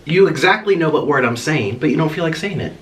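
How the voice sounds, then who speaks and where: This mukbang host talks fast in a high, expressive voice, playfully rambling to his viewers and cooing at his pet bird. The distant microphone picks up clear background noise.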